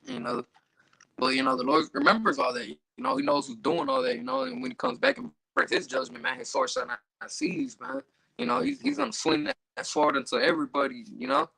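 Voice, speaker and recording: A man's voice: very high voice, brisk, vocal fry, bright, forceful tone, slightly rough, no echo, low-quality recording. A man reading scripture aloud, then commenting loosely with lots of fillers and stumbling over hard words. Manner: reads verses, then riffs loosely with many fillers. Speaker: Bible study reader.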